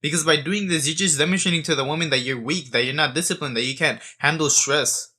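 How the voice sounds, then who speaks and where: A man's voice: fairly high pitch, fast, sharp tone, slightly rough. Blunt, profane young man. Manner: profane, blunt, frequent restarts. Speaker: self-improvement vlogger. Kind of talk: blunt monologue to camera.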